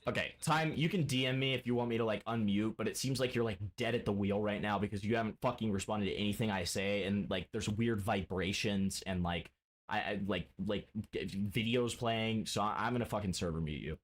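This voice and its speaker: A man's voice: on the low side, fairly quick. A man streaming games, swearing and ranting in a mock-angry way at his chat and friends. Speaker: game streamer. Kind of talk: casual live-stream chat.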